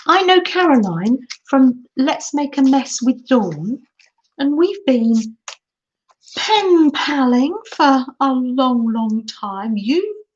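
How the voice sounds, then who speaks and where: A woman's voice: sits high, darkish tone. An older woman hosting a craft livestream, chatting affectionately with viewers and reading out comments in a gushing, exclamatory way. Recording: dull, lo-fi stream audio with faint noise.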